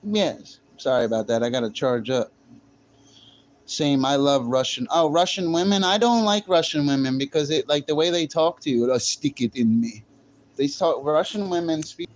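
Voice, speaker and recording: A man's voice: fairly high pitch, moderate pace, slight background noise. A man livestreaming, chatting brashly and jokingly straight to his viewers with plenty of slang. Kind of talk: casual livestream chat.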